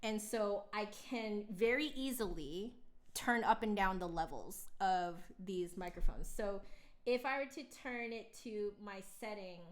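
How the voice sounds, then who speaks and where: A woman hosts a relaxed live stream from her home studio, talking slowly and unhurriedly into a close microphone. She explains things at length, pausing for many "um"s and "like"s in a casual, chatty way. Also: medium pitch. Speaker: flutist hosting a live stream. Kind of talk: casual chat. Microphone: close mic, gain changed during talk.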